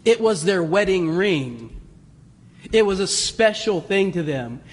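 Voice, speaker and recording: A man preaching a sermon, animated and chuckling, acting out voices in the story. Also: sits high, slow, slightly rough, big-room sound. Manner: animated, laughs often, acts out voices. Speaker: pastor.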